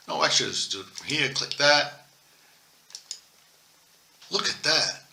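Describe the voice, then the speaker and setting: A man's voice: medium pitch, pushed and bright. An older man teaching a coding lesson over a screen recording, thinking aloud and correcting himself as he types. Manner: thinking aloud while typing, self-correcting. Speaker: instructor. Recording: echoey room, faint keyboard clicks.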